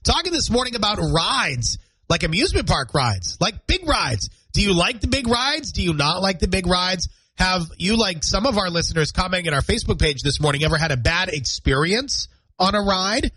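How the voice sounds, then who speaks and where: Man, radio morning host, nasal, congested, upbeat banter, somewhat high voice. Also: very animated, normal speed, bright, forceful tone, slightly rough, no echo. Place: radio studio.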